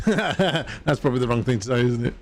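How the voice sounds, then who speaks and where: A man's voice: mid-range voice, lively intonation, normal speed. A man streaming a video game live, chatting casually in a rambling way and laughing at himself. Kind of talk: casual live-stream chat while gaming.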